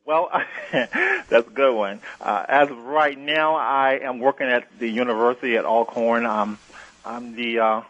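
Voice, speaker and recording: A man's voice: medium pitch, measured pace, fairly bright tone. A man from Mississippi, answering interview questions hesitantly and repeating words as he starts. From Mississippi, USA. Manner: hesitant, repeats words before getting going. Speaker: interview guest, former pro basketball player. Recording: dull lo-fi interview recording.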